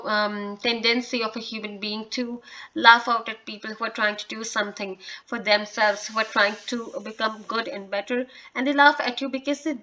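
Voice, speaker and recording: Bright-voiced woman teaching English. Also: fairly high pitch, dull audio. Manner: hesitant, many fillers and restarts, encouraging. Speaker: English teacher and channel host. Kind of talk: casual video lesson.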